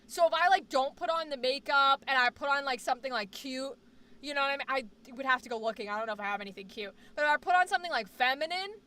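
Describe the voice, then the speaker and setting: A woman with a high voice talks fast. She's a streamer and actor in a casual live-stream chat, animated and jokey as she rambles to her viewers.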